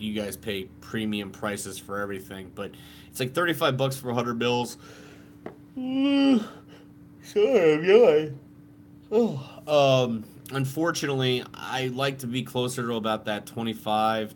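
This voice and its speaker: A man's voice: lowish voice, moderate pace, fairly bright tone, a little hiss or hum. A man co-hosting a live stream in casual chat, laid-back and swearing freely.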